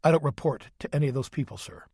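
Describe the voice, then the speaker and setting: A man's voice: a little high, fast talker, mellow, slightly rough, no room sound, clean studio sound. A man reading a stern, clipped Army sergeant major. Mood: firm. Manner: clipped, firm, respectful.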